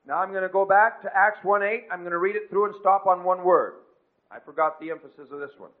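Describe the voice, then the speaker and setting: A man preaching a sermon, rising to emphatic peaks and dropping to quiet asides. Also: high-pitched, fairly quick. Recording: tinny phone-like lo-fi recording.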